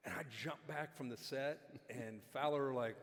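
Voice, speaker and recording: A man spins an animated anecdote for a dinner crowd, jumping into the voices of the people in it. His voice sits in the middle range and carries the long reverb of a large hall. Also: medium pitch, normal speed, vocal fry. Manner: animated, acts out quotes. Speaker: guest speaker. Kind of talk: storytelling on stage.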